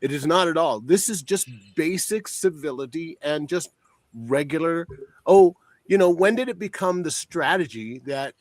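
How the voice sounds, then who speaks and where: A man with a slightly raised pitch, recorded close and dry. He hosts a casual panel talk in an emphatic, upbeat way. He repeats words to drive his points home. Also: a little slow, a little mellow, no room sound. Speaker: host.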